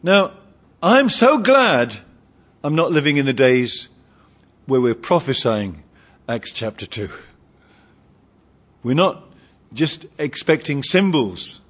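Preacher with ringing emphasis. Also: male voice, sing-song, slow pace, pauses often. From Britain. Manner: emphatic, swings between loud ringing emphasis and low asides. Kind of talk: sermon. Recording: dull lo-fi sermon recording.

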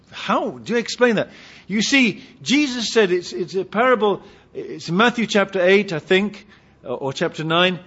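A man's voice: high voice, fairly bright tone, slightly rough. A man preaching a sermon with humour, asking his congregation questions, on a dull lo-fi recording. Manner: humorous, asks the congregation questions.

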